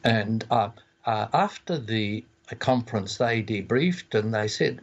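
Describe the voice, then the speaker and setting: An older Australian theologian being interviewed from far away, speaking in a measured way with frequent pauses. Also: male voice, fairly low pitch, lively intonation, slightly rough. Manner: measured, with many ums and uhs. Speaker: theologian guest. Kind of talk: interview over a phone line. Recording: muffled phone line.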